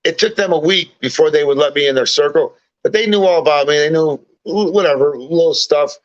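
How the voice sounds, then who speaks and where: Man, guest, fairly high voice, swears his way through rowdy stories, lo-fi recording. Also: a little fast. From Chicago, USA. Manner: profane, animated anecdote-telling. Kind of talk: casual storytelling. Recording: dull lo-fi recording.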